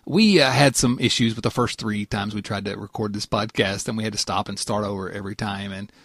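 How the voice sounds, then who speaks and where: A man's voice: lowish voice, brisk, a bit bright, breathy edge, no room sound, clean studio sound. A man hosting a casual podcast, rambling and laughing often as he tells a story. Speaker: podcast host.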